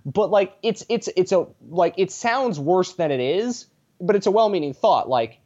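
A man's voice: high voice, lively intonation, normal speed, a little mellow. A man chatting as a podcast guest, rambling through tangents with a sarcastic sense of humor. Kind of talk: casual podcast chat. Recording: dull lo-fi sound.

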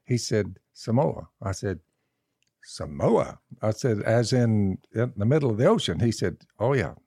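A man's voice: fairly low pitch, moderate pace, warm tone, no echo, clean studio sound. A man telling folksy stories on a podcast, acting out both sides of each conversation. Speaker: podcast co-host. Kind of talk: casual storytelling.

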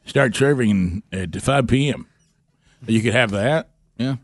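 A man's voice: medium pitch, slow, no room sound, studio quality. A male radio show host in casual, joking banter with his co-hosts and callers. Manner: jokey, laughs often, clowns with callers.

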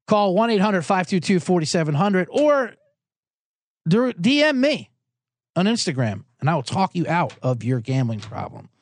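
A man hosting a sports betting podcast alone in a small recording booth, rambling comically, loud and excitable, swinging from shouting to mumbling. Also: on the high side, dry recording, clean studio sound. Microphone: studio microphone.

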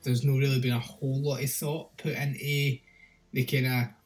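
A man chatting casually about a film in a relaxed, easygoing way, swearing freely. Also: mid-range voice, moderate pace.

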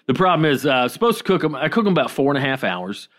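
A man co-hosting a podcast, telling a story in a relaxed way with many pauses and self-deprecating laughs. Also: on the high side. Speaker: podcast co-host. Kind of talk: casual chat.

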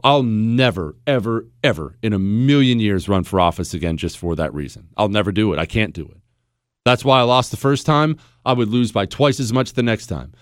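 A man's voice: lowish voice, lively intonation, brisk, no echo. A man hosting a talk radio show, speaking bluntly and sarcastically in a studio. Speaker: radio host. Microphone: studio microphone.

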